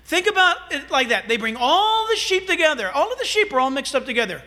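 A man preaching a sermon as a pastor, animated and humorous, with asides to the congregation. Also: extremely high pitch, fairly quick.

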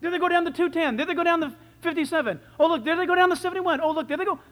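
A man's voice: sits high, big-room sound. A man putting on an overjoyed Jesus, cheering like a proud father. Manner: excited, rapid repeated exclamations.

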